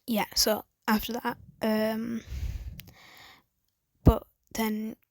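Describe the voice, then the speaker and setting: A woman casually retelling a fan story in a husky voice, rambling with many fillers and mostly whispering. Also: fairly high pitch, monotone, extremely slow, no echo.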